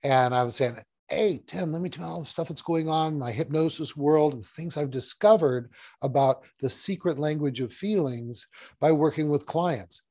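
Mellow-voiced man teaching hypnotherapy. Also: fairly high pitch, moderate pace, no room sound. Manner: storytelling, conversational, repeats key phrases. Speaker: hypnotherapy trainer. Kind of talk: casual teaching talk to camera.

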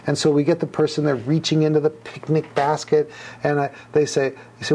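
Mellow-voiced man teaching hypnotherapy. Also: mid-range voice, flat delivery, a little fast, creaky, slightly rough. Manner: explains step by step, acts out client replies. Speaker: hypnotherapy instructor. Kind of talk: teaching a class.

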